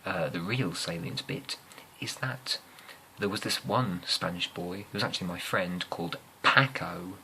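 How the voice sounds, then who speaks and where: A young man with an English accent telling rambling, amused school stories in a soft-spoken ASMR style, often slipping into whispers and hesitating with fillers. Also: deep voice, measured pace, few pauses, a little hiss or hum, poor audio. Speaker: ASMR storyteller.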